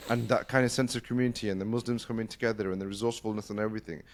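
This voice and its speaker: A middle-aged man from the UK, hosting a casual conversation and telling a story fast, with lots of restarts. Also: fairly low pitch, steady tone, a little hiss or hum. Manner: fast-talking, full of restarts. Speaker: podcast host.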